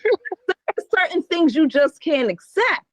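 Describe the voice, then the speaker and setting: A woman's voice: very high-pitched, big pitch swings, slow, dry recording, poor audio. A woman co-hosting a podcast, talking bluntly and emphatically in casual chat with a lot of cursing. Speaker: podcast co-host.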